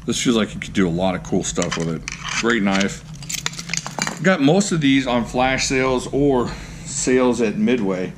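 Male vlogger, mid-range voice, excitable and jokey in casual show-and-tell, a slight hiss behind him. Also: mid-range voice, a little slow. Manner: excitable, gushing exclamations and goofy jokes. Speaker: knife collector, channel host.

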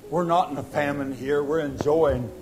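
A man's voice: fairly even intonation, normal speed, music in the background, poor audio. Impassioned preacher, man. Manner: impassioned, rising to loud exhortation then dropping low. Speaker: pastor. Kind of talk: sermon. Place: church sanctuary.

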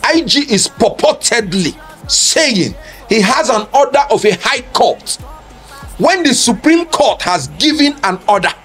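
A legal commentator gives a public speech on law, lecturing emphatically and argumentatively with rhetorical questions. His voice is very high, very animated, fairly bright, and unhurried. Faint music plays behind him.

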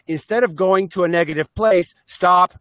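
A man's voice: high voice, normal speed, a bit bright, dry recording, studio quality. Upbeat man on a video call. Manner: enthusiastic, upbeat, acts out voices. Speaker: interview guest, self-help speaker and musician. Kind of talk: casual interview talk.

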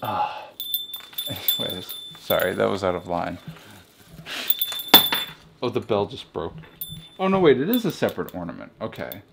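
A man's voice: fairly low pitch, sing-song, moderate pace, creaky, pauses often, heavy background noise. A young man doing a mock-serious comedy review at home, rambling into asides and apologizing for them. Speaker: comedy vlogger. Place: home beside a Christmas tree. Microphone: camera held by a friend.

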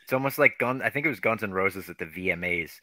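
A man's voice: deep voice, animated, quick pace, pushed and bright, dry recording. A man co-hosting a podcast, recapping scenes in a laid-back casual chat. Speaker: podcast co-host.

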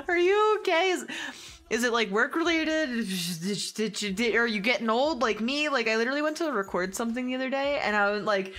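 Chatty woman streamer, bright voice. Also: on the high side, expressive, fairly quick. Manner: chatty, swearing, laughing often, reads chat aloud. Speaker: gaming streamer. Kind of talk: casual stream chat with viewers.

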